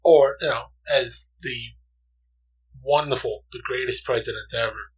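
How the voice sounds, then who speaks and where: A man co-hosting a casual movie podcast, energetic and rambling, who likes to act out lines in silly accents. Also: mid-range voice, a little slow, slightly rough, poor audio. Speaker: podcast co-host. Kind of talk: casual chat.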